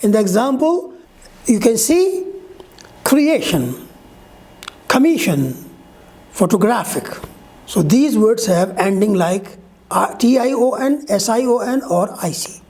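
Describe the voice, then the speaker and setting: A woman's voice: fairly high pitch, animated, unhurried, dark tone. A woman teaching a pronunciation lesson, explaining rules step by step, spelling out letters and checking with "Okay?". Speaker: English teacher. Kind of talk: online grammar lesson.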